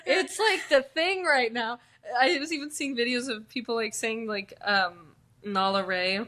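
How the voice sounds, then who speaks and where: A woman's voice: on the high side, measured pace, pushed and bright. A woman podcast guest telling a story in giggly, slangy casual chat.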